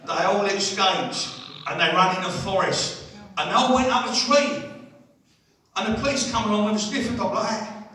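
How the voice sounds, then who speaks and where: A man's voice: sits high, fairly even intonation, normal speed, sharp tone, a little hiss or hum. Comedian in his 60s, keeps going "right?", sounds a bit far off in a roomy hall. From England. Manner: chatty, keeps asking the crowd "right?". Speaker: stand-up comedian. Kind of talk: live stand-up routine. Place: holiday village entertainment hall.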